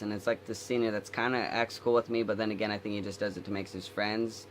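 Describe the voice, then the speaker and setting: Speaking quickly with few pauses, a young adult vlogger retells a lengthy school-days story, stumbling through fillers and restarts. His lowish voice stays fairly even in intonation, and a little hiss or hum runs underneath.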